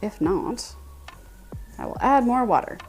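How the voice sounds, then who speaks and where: A chatty woman in her thirties hosts a casual baking livestream from her home kitchen. She talks at an ordinary pitch, greets viewers and reads their chat aloud, and laughs often. Faint music plays behind her. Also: expressive, unhurried, darkish tone. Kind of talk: casual live-stream chat while baking.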